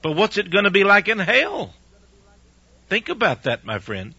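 A man's voice: sits high, wildly swooping pitch, moderate pace, creaky, pushed and bright, breathy edge, dry recording, muffled recording. A man preaching as a radio show host, earnest and preachy, pressing his points with rhetorical questions. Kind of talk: conversational radio sermon.

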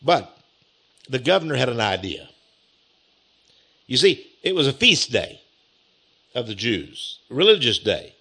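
A man's voice: mid-range voice, big pitch swings, a little slow, long pauses, bright, forceful tone. A man preaching a sermon, telling the story with rhetorical questions to his listeners.

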